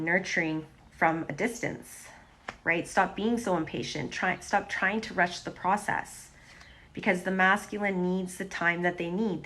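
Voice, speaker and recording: A woman's voice: lowish voice, fairly bright tone. A woman doing a casual livestream tarot reading, chatty and repetitive as she talks to the camera. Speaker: tarot reader. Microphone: phone or webcam on a livestream.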